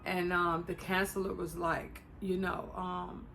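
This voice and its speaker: A woman's voice: fairly low pitch, little pitch movement, measured pace, vocal fry, fairly bright tone, soft background music. A woman from Chicago talking casually to her viewers in a personal vlog. She is emotional and close to tears. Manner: emotional, fighting back tears, talks to viewers as "y'all". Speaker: vlogger. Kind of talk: casual personal talk to camera.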